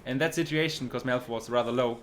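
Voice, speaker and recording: Male speedrunner, dry sarcastic live commentary, mid pitch, audible background noise. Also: fast talker. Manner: dry, sarcastic, swears when frustrated.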